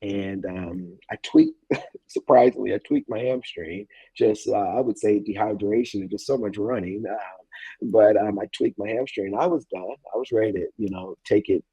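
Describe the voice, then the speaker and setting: A man in his thirties, a former college football player, recounting a game in a reflective, halting way with many fillers. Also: lowish voice, dark tone, breathy edge, no echo, poor audio. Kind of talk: casual interview storytelling.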